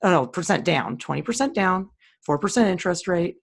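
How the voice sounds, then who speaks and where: A woman co-host with a lowish voice, lively intonation, and vocal fry talks fairly fast. She's giving casual screen-share commentary, running through listings with opinionated, no-nonsense bluntness.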